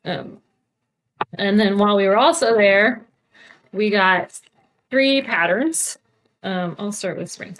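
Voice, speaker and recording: A woman's voice: medium pitch, slow, long pauses, fairly bright tone. A woman co-hosting a cross-stitch video podcast, chatting casually and showing off her craft supplies, with lots of fillers. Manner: chatty, bubbly, filler-heavy. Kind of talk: casual chat. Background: TV playing.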